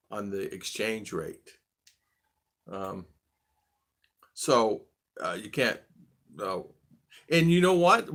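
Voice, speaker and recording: A man's voice: fairly low pitch, sharp tone. A man from the United States hosting a casual livestream, thinking aloud and greeting viewers by name as he goes. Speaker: vlogger host.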